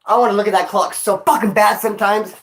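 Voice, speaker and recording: A man's voice: high voice, steady tone, quick pace. A man telling stories on a casual vlog into his phone, winded after exercise, talking street slang and calling the listener dog and homie. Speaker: vlogger.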